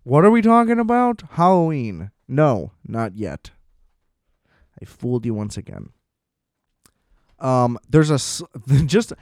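A man's voice: medium pitch, darkish tone, smooth, dry recording, studio quality. Profane, sarcastic ranting man. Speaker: vlogger. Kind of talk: casual rant commentary.

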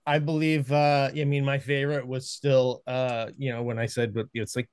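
A man co-hosting a movie podcast, talking casually and haltingly, with many fillers and soft laughs. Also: mid-range voice, level tone, smooth, no echo, clean studio sound. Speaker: podcast co-host. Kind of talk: casual chat about movies.

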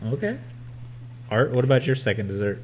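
A brash man talks fast in loose, profane podcast banter. He tells his stories with animated energy over faint room noise. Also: mid-range voice. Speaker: podcast co-host.

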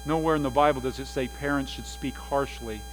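A middle-aged man preaching a sermon as pastor, telling family stories with lively put-on voices for humor. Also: medium pitch, a little fast, low-quality recording. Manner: animated storytelling, mimics voices for laughs. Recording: faint mains hum.

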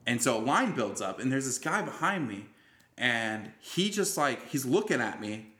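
A man's voice: medium pitch, big pitch swings, normal speed, bright, forceful tone. A man in casual conversation, animatedly retelling a story with plenty of swearing and restarts. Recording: roomy echo.

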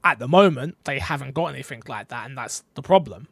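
A man's voice: medium pitch, expressive, a little fast, creaky, a bit bright, husky, no echo, studio quality. A man hosting a casual gaming podcast, talking in a rambling, hesitant way full of fillers. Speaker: podcast host.

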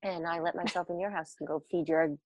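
A middle-aged woman co-hosting a podcast, telling stories in a relaxed, casual chat. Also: on the low side, fast, dry recording. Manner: animated storyteller, breaks into laughter. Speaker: podcast co-host.

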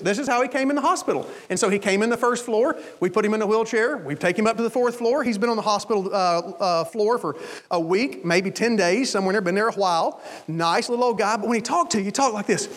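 A male preacher telling a long personal story in a sermon, animated and acting out the voices of the people in it. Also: high-pitched. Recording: long hall reverb.

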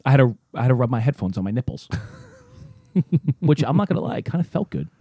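Male podcast co-host, husky and dark-toned, lively pitch, crude teasing. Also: brisk, no echo. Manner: crude, teasing, probing questions. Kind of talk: casual comedic chat.

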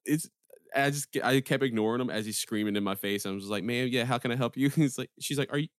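A man chatting casually, telling an animated story and quoting the people in it. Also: medium pitch, fast, dry recording, studio quality. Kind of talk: casual chat.

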